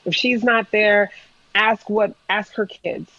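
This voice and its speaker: A woman chef speaks as a podcast guest and tells stories in a lively, animated way, laughing often. Her voice sits at a middle pitch. It comes through dry and slightly dull, with a lo-fi feel. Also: slow, dry recording. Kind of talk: casual interview chat.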